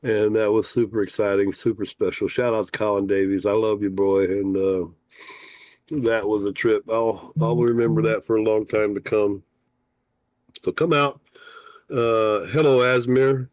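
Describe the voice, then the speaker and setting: A man's voice: fairly low pitch, fairly even intonation, moderate pace, a little mellow, no echo. A man hosting a casual livestream talk show as a fishing guide, folksy and rambling, with lots of "uh" fillers.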